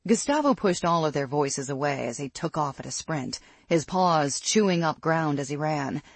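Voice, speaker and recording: A narrator giving a steady, scripted reading of a fantasy audiobook. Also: female voice, low voice, normal speed, husky, no room sound. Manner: steady, even storytelling.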